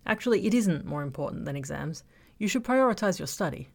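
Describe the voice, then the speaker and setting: Woman narrator doing a pushy, caring young best friend, low and a little gravelly, audiobook read. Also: expressive, brisk. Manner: eager, teasing, bossy. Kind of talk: audiobook character voice.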